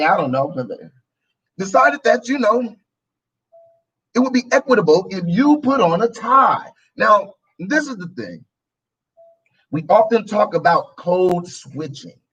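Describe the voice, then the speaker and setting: Brief: a fired-up male talk host, high, animated voice with a husky edge, a little off-mic. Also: recorded from a distance, low-quality recording. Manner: impassioned, emphatic, repeats points. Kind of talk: call-in talk show commentary.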